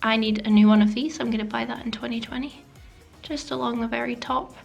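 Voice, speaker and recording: A woman's voice: fairly high pitch, steady tone, fairly quick, vocal fry, a little mellow, lo-fi sound, soft background music. A woman narrating a makeup tutorial voice-over, chatty and self-deprecating, sometimes dropping to a whisper. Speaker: beauty vlogger. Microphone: voice-over mic.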